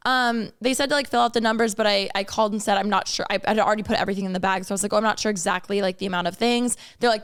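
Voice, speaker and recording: Fast-talking young woman, chatty. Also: medium pitch, a bit bright, smooth. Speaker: podcast co-host. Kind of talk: casual chat.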